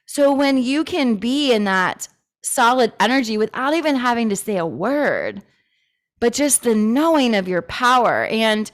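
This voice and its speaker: Candid, higher-voiced woman host. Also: a bit bright. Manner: candid, swears freely, laughs often. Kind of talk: casual talk on personal growth.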